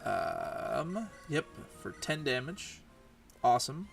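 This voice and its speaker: A man's voice: mid-range voice, normal speed, fairly bright tone, recorded from a distance, soft background music. A man giving rambling, exasperated commentary while playing a game. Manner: rambling, exasperated, self-deprecating. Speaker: let's play host. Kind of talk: casual gameplay commentary.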